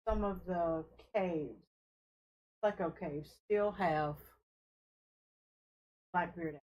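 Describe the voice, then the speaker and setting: A woman hosting a casual fish-keeping live stream from her home fish room, talking in an unhurried, friendly way with fillers as she carries her camera from tank to tank. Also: lowish voice, highs cut off. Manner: unhurried, friendly, talks while showing tanks, with fillers. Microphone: handheld camera she carries around.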